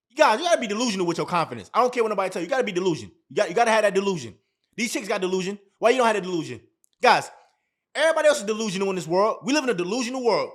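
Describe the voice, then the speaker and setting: High-pitched young male vlogger, emphatic motivational advice, repeats his punchlines, slangy and blunt. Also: expressive, quick pace, fairly bright tone. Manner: emphatic and repetitive, heavy slang. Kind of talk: motivational advice talk to camera.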